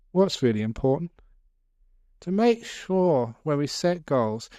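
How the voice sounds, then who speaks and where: A man's voice: on the high side, dark tone, clean tone, no echo, studio quality. A man, a Buddhist monk, giving a humorous, story-filled dharma talk to a live audience, chuckling and chatting as he goes. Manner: jokey, chuckling, conversational.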